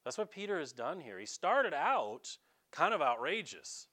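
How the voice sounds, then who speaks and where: A male pastor delivers a sermon in a church sanctuary. His slightly high voice swings widely in pitch as he acts out the people he quotes. He often stumbles into quick restarts. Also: very animated, bright, forceful tone.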